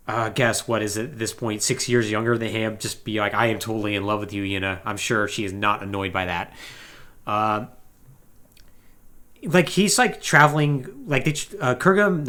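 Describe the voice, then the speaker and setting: A man hosting a casual video game podcast, retelling a story with animated, acted-out quotes. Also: on the low side. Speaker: podcast host.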